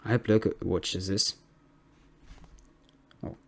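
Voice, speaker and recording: A man's voice: low-pitched, fairly even intonation, slow pace, creaky, a bit bright. A man introducing his own game video casually, rambling with fillers and restarts. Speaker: amateur game caster.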